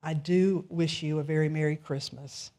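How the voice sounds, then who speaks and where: A woman's voice: deep voice, steady tone, moderate pace, mellow, voice pushed down, close to an everyday voice. A woman voicing a flustered but gracious woman driver in a story within a sermon. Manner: earnest and polite.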